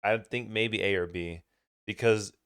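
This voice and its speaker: A man's voice: on the low side, fairly even intonation, unhurried, fairly bright tone, smooth. A young man co-hosting a podcast in casual chat, laid-back, swearing casually and laughing often. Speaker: podcast co-host.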